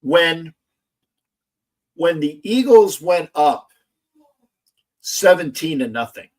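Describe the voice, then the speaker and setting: A man hosting a casual sports livestream, loud, gloating and profane, repeating himself often. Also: on the high side, sing-song, takes it slowly. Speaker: livestream host.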